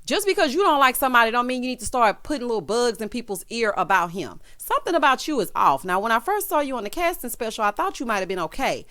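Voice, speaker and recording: A woman's voice: a little high, bright, forceful tone. A young woman hosting a casual reality show recap, sassy and chatty, calling viewers honey and child. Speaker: YouTube recap host.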